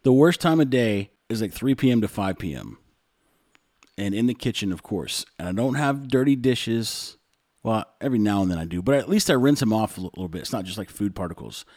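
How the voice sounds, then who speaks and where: Low-voiced man telling a rambling story. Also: expressive, brisk, darkish tone, dry recording, clean studio sound. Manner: rambling, conversational, frequent "like" fillers. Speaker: show host. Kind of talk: casual monologue storytelling.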